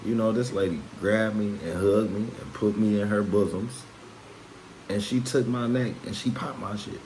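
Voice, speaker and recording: A man's voice: on the low side, steady tone, moderate pace, slight background noise, rough recording. A man telling a personal story straight to the camera in a rambling, profane, casual way, peppering his talk with "man" and "you know what I'm saying". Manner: gets louder and more worked up when telling of the fight. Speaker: vlogger.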